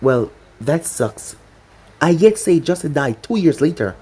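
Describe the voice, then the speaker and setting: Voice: medium pitch, very animated, unhurried, warm tone, husky. A narrator putting on a bratty sarcastic girl. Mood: whiny. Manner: whiny, sarcastic. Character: bratty sarcastic nineteen-year-old girl. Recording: faint music behind.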